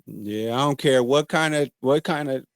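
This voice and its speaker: A man's voice: mid-range voice, normal speed, no echo, clean studio sound. A man co-hosting a podcast, chatting casually about a TV episode, questioning his co-host's points. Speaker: podcast co-host. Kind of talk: casual TV recap chat.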